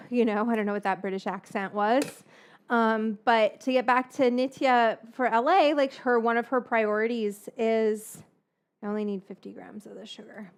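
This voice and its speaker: This cooking host from the San Francisco Bay Area has a fairly high, steady voice, a moderate pace and a clean sound. A cookbook author, she talks casually while cooking, rambling between tangents and swearing freely in a frank way.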